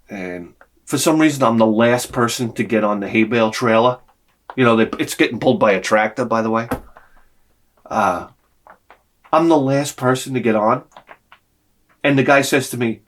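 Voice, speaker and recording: A man telling a personal story in an animated way, swearing freely and acting out the people in it. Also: medium pitch, normal speed, long pauses. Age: adult with a young son. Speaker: video creator.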